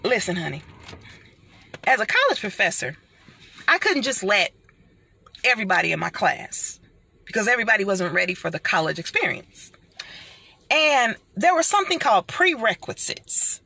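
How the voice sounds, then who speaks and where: A middle-aged woman giving an animated motivational talk, speaking like a preacher and calling her listeners honey and y'all. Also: mid-range voice, normal speed, gravelly, pauses often, breathy edge.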